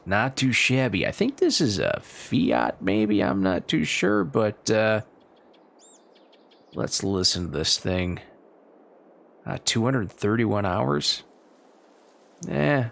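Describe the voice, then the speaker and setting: A man hosting a farming-sim role-play, talking in a folksy, excitable, rambling way. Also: fairly low pitch, gravelly. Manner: folksy, excitable, lots of "you betcha"; chatty and rambling with frequent restarts. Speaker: gaming channel host. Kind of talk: role-play gameplay commentary.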